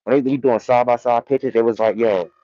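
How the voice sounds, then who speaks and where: A medium-pitched, mellow male voice with fairly even intonation, a little fast, on a lo-fi recording with no room sound. Hosting a casual livestream from a warehouse, he reads chat and gives loose, laid-back, slang-heavy commentary, laughing often.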